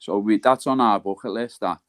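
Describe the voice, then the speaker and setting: A man's voice: fairly low pitch, brisk, no echo. A man, a guest in a casual chat, talking in a laid-back, plain way.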